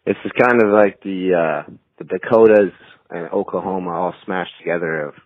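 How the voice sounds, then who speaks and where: A man from Canada leaves a heartfelt, halting voicemail for a podcast host, with many pauses and fillers. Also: low voice, no room sound. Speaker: caller. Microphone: phone. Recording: tinny phone-line voicemail.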